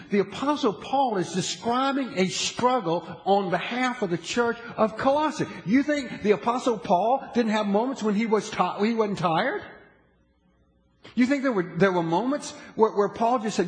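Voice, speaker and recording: A man preaching a sermon as a pastor, animated, often checking in with the audience and restarting his phrases. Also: sits high, moderate pace. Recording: long hall reverb.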